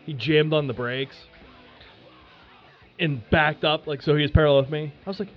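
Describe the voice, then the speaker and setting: Animated man telling stories, slightly higher voice. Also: moderate pace, dull audio, soft background music. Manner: animated, swears freely, many fillers. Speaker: podcast host. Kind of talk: casual storytelling chat.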